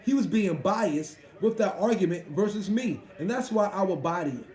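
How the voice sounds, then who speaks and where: A man's voice: high-pitched, animated, moderate pace, mellow, echoey room, poor audio. A man hosting a live stream, chatting casually with his viewers in a profane, boastful way. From Washington D.C.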